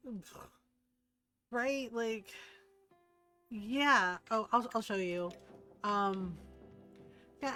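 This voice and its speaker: A woman's voice: mid-range voice, fairly bright tone. A woman streamer with a middle-range voice talks casually while she plays. She rambles and giggles her way through stories, full of fillers. Faint game music runs underneath. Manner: chatty, rambling, lots of "like" and giggling retellings. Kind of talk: casual gameplay chat.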